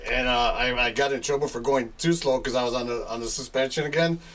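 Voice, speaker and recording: A man's voice: mid-range voice, fast, a bit bright. A middle-aged man, a guest DJ telling rambling stories in casual chat, laughing and dropping filler asides. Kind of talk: casual storytelling. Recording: distant mic with faint background noise.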